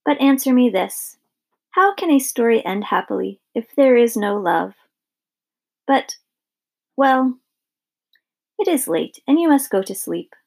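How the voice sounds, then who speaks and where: A woman voicing an old lady who tells a grim bedtime tale in a measured, knowing way. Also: on the high side, big pitch swings, vocal fry, darkish tone, heavily acted. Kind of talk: audiobook character reading.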